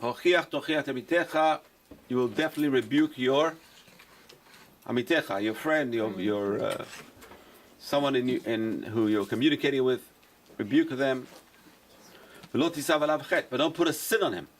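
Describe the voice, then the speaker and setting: A man's voice: mid-range voice, brisk, long pauses, a little hiss or hum. A man, a rabbi, teaching a class and repeating his key points for emphasis. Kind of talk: lecture-style Torah class.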